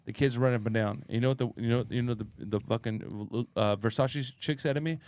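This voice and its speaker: A man's voice: mid-range voice, fairly quick, hardly any pauses, darkish tone, no echo. Brief: man, casual host, repetitive and emphatic, heavy cursing, dry room. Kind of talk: casual podcast chat.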